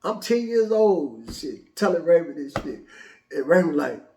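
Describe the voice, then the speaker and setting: Higher-voiced man telling a story in an echoey room. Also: moderate pace, a little hiss or hum. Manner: animated, casual, profane, restarts often. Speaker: show host. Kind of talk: personal storytelling.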